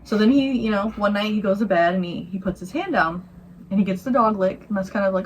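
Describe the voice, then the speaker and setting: A woman co-hosting a podcast, telling a campfire scary story in a rambling, animated way and acting out the voices. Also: medium pitch, fast, a little hiss or hum, rough recording. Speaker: podcast co-host. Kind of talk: casual storytelling chat.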